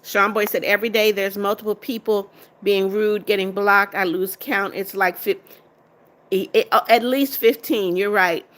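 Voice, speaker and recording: A woman's voice: mid-range voice, steady tone, normal speed, a bit bright. A middle-aged American woman hosting a casual live stream, chatting as she reads out viewer comments and answers each one. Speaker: livestream host reading viewer comments.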